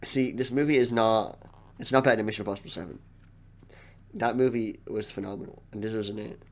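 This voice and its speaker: A man's voice: on the low side, fairly even intonation, fairly quick. Hesitant man co-hosting a film podcast. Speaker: podcast co-host. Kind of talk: casual movie review chat.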